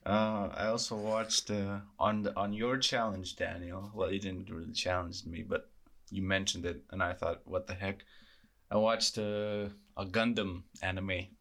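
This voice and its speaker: A man co-hosting a podcast in casual chat, joking and halting with stammered restarts. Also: deep voice, level tone, fairly bright tone. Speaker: podcast co-host.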